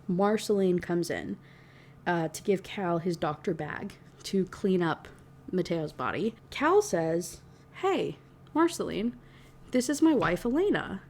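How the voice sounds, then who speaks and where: Young woman, mellow voice, casual book-review rant, exasperated and sweary. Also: medium pitch. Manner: exasperated, profane, heavy use of "like".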